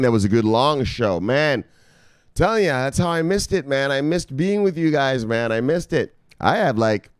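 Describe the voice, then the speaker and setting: A man hosting a casual crypto vlog, talking loosely and with profanity, shouting "bang" as a catchphrase. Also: medium pitch, clear, resonant tone, no echo, clean studio sound. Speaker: crypto news host. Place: home studio in South Beach.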